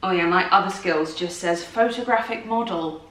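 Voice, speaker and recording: A woman's voice: on the low side, moderate pace, fairly bright tone, far from the mic. A woman performer chatting casually about her acting work, self-deprecating and talkative. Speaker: co-host, musical theatre performer. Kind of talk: casual morning chat. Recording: roomy, from off-mic.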